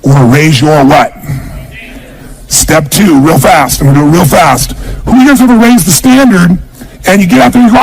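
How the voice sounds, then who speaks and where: Brief: a male motivational speaker with a raspy, gravelly voice, pitched a bit high, emphatic and punchy. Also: moderate pace, low-quality recording. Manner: emphatic, drills the audience with call-and-response. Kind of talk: motivational seminar speech.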